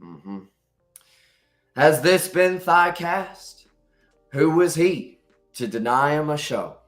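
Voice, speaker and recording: A man putting on an old cowboy voice to recite a dark poem, with a slow, dramatic drawl. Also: on the high side, lively intonation, faint music behind, pitched above the performer's own voice. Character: old cowboy storyteller at a campfire.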